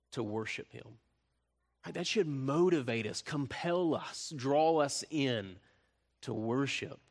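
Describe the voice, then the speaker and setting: A man preaching a sermon, often tagging points with "right?" and swinging from loud emphasis to soft, quiet delivery. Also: mid-range voice. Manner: frequent tag questions "right?", swells louder then drops soft. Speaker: pastor.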